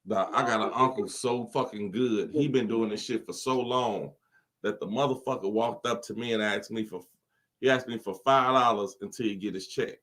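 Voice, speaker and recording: A man's voice: fairly low pitch, normal speed. A man co-hosting a podcast, trading profane comic stories and laughing often. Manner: profane, loud laughing, storytelling. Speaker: podcast co-host. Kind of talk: raunchy comedic banter.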